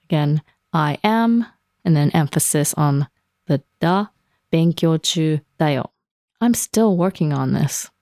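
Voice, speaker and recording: A woman with a low, gravelly, mellow voice walks through phrases at an unhurried pace. She laughs often between explanations. The sound is dry and close. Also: expressive, no echo. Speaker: language teacher. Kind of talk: casual language lesson.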